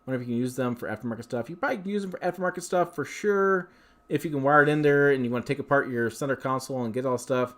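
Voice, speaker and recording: A man's voice: mid-range voice, very fast, fairly bright tone. A man hosting a casual livestream, reading viewer questions and answering them in a rambling, chatty way. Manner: rambling, chatty, with frequent fillers and restarts. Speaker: livestream host.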